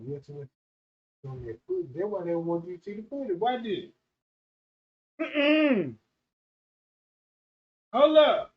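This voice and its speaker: A man hosting a livestream, talking in a rambling, emphatic, slangy way in casual commentary. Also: fairly high pitch. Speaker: streamer host. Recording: dull lo-fi stream audio.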